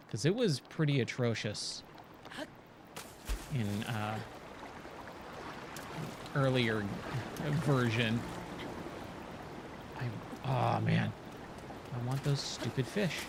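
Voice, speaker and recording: A man's voice: medium pitch, gravelly, noisy background. A man streaming a video game, chatting casually and reading the on-screen text aloud. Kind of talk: casual let's-play commentary.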